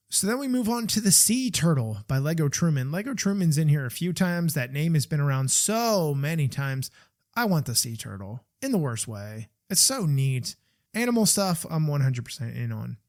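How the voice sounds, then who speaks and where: A man's voice: fairly high pitch, sing-song, moderate pace, no room sound, studio quality. A man hosting a podcast, chatting casually and giving candid opinions, with frequent fillers and restarts. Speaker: podcast host.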